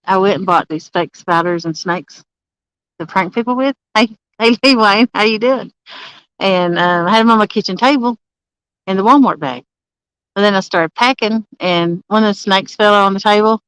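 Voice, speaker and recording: A woman's voice: mid-range voice, moderate pace, fairly bright tone, clear, resonant tone, dry recording, low-quality recording. A woman chatting casually on a live stream from a campsite, greeting viewers by name and laughing often. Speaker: livestreaming angler. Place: campsite outdoors.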